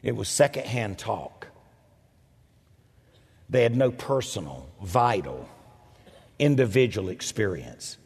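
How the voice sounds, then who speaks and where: Husky animated pastor in an echoey hall. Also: male voice, takes it slowly, pauses often. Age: older. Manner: animated, self-mocking, jumps into loud high quoted voices. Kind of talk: storytelling sermon.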